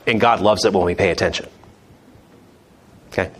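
A man's voice: deep voice, steady tone, normal speed, slightly rough. A man leading a conversational Bible teaching, chatty, with joking asides and restarts.

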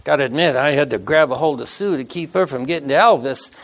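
A man's voice: fairly high pitch, fast talker, fairly bright tone. A man in his sixties preaching a casual, folksy sermon, telling stories and acting out quotes in everyday speech. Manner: folksy, conversational, acts out quotes. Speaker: pastor.

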